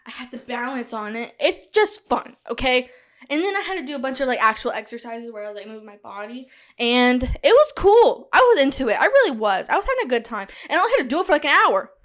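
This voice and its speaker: A young woman in college hosting a casual solo podcast, talking chattily and animatedly straight to her listeners, with a loud cackling laugh. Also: sits high, very animated, fast talker. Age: young adult. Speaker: podcast host.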